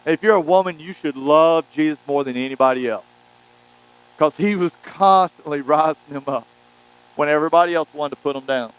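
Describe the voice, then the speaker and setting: A man preaching a sermon, telling a Bible story with lively acted-out quotes. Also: on the high side, brisk, clean tone, low-quality recording. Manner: animated storytelling, acting out quotes. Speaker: pastor.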